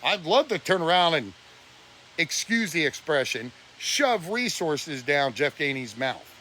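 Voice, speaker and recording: A man lecturing his viewers on a live stream, blunt and preachy, sounding close to tears. His voice sits a little high and swoops up and down. Faint noise hums under the phone mic. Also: very animated, measured pace, sharp tone. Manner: preachy and blunt, voice breaking with emotion. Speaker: livestreamer. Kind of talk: emotional live-stream rant.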